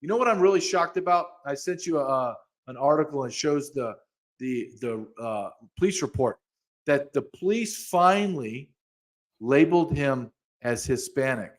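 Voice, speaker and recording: Here a male podcast host with a medium-pitched, expressive voice goes off in an angry, heated rant at a normal pace. His delivery is full of restarts and repeated words.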